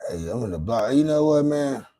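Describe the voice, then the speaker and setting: On a casual late-night livestream, the host, an adult man with grown children, rambles profanely and keeps repeating and restarting words. His mid-range voice is dark with lively intonation and a fairly quick pace, though the audio is poor.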